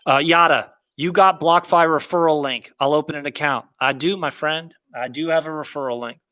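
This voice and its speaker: A man's voice: a little high, steady tone, normal speed, sharp tone. Hyped man hosting a casual livestream. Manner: hyped, boastful, slangy. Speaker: livestream host reading viewer comments.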